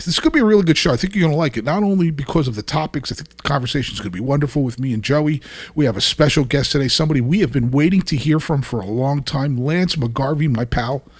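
A man hosting a casual podcast, talking in an animated, joking way with lots of fillers. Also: medium pitch. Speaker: podcast host.

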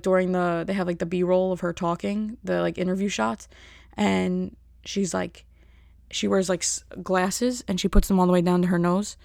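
A young woman telling stories in a rambling, animated vlog style, with frequent fillers. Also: on the low side, creaky, no echo, clean studio sound. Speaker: vlogger. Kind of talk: casual storytelling.

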